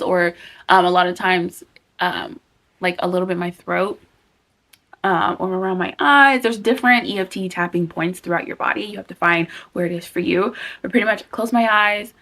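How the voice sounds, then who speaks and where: Young woman vlogging about self-care, earnest and candid, gets animated. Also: mid-range voice. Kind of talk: casual self-help talk to camera.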